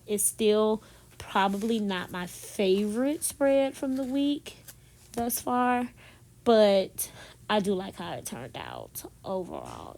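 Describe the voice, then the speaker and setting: A woman recording a casual, chatty voiceover in her bedroom, talking softly, laughing at herself and speaking straight to her viewers. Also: medium pitch. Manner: talks softly so as not to disturb someone nearby. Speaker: planner vlogger. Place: bedroom at home.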